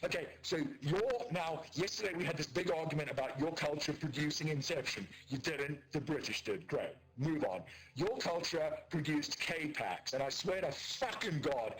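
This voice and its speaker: A man's voice: a little high, expressive, normal speed, hardly any pauses, a bit bright, poor audio. A man ranting sarcastically and swearing constantly during a heated argument in a gaming voice chat. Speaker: gamer in voice chat.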